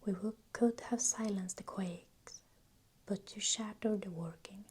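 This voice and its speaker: A woman gently voicing a stern but fair male elder shaman in whispered role-play. He weighs every word diplomatically, in a warm, mellow whisper with a faint hiss behind. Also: mid-range voice, natural voice. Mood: firm. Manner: measured, diplomatic.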